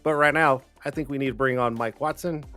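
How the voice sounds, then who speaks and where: A man hosting a casual live-stream talk show, rambling and excitable, swearing freely. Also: mid-range voice, brisk, no room sound, soft background music. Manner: rambling, profane and excitable, with frequent restarts and laughs. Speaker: livestream talk show host.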